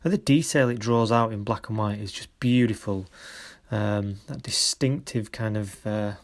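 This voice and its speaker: Low-voiced man praising photography work. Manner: encouraging, halting with many pauses. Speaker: photography workshop leader. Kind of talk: recorded feedback on students' photos.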